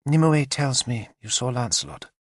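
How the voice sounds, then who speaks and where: A man voicing a proud but broken queen who pleads softly and tearfully. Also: mid-range voice, very animated, normal speed, dry recording, clean studio sound. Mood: pleading softly. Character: proud, heartbroken queen, a grown woman, fragile and pleading.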